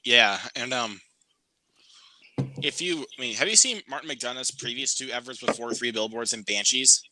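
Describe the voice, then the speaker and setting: A man's voice: medium pitch, moderate pace, noisy background. A man hosting a casual live Q&A and chatting in a laid-back, talkative way with his guests. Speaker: show host.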